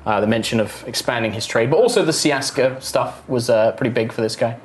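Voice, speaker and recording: A man's voice: mid-range voice, fairly quick, reverberant, a little hiss or hum. A man narrating a live tabletop game as game master, chatty and often laughing as he describes the scene.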